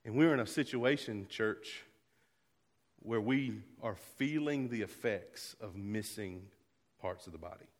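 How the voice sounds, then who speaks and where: A man pastor preaching a sermon to his church, earnest, dropping to a hush and rising to loud, fervent calls. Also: fairly low pitch, measured pace, long reverb tail. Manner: earnest, swings from hushed to loud. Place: church sanctuary.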